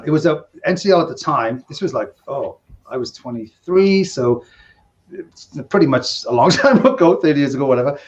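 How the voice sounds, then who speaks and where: Chuckling man telling stories, lo-fi sound. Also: on the high side. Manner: rambling, chuckling, acts out quoted dialogue. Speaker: podcast host, casino dealer. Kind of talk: casual storytelling.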